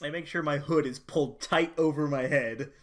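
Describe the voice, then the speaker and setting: A man's voice: on the high side, normal speed, fairly bright tone. A man playing a tabletop game, laid-back and joking with the others. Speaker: player.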